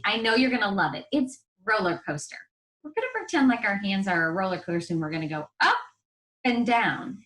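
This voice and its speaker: A woman with a slightly high, fairly bright voice teaches first-grade reading in a broadcast classroom lesson, drawing out sounds for young children in an upbeat, encouraging way. The recording has a roomy echo.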